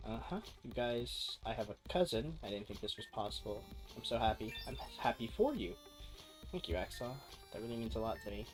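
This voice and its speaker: A man's voice: medium pitch, expressive, fairly quick, over music. A man streaming a game, reading the characters' dialogue aloud casually and lightly voicing each one.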